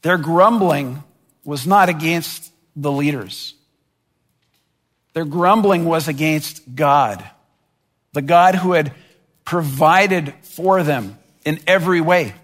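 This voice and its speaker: High-voiced man preaching in a reverberant hall. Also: slow pace, pauses often, fairly bright tone. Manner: earnest preaching, voicing imagined complaints with rising intensity. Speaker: pastor. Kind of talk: sermon.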